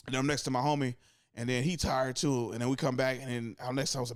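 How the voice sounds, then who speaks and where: A young man talks sports on a podcast in a smooth, clear voice. He is close to the mic in a dry room. He rambles, swears freely and jumps higher when he acts out what others said. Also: fairly even intonation, quick pace, no room sound. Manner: rambling, profane, acts out quotes with sudden high-pitched bursts. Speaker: podcast co-host. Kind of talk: casual sports chat.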